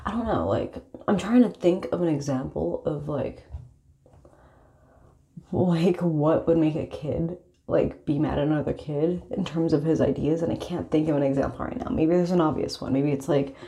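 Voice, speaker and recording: A young woman with a low, gravelly voice speaks in a casual confessional monologue. She rambles and swears freely, leaning on filler words. Her tone is mellow and dark. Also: normal speed. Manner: rambling, profane, heavy use of filler words. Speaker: vlogger.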